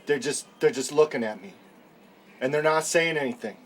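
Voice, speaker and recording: A man's voice: on the high side, moderate pace. A man playing a tabletop game, talking in a goofy, playful, laughing way. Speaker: player. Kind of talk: casual tabletop play. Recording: background noise.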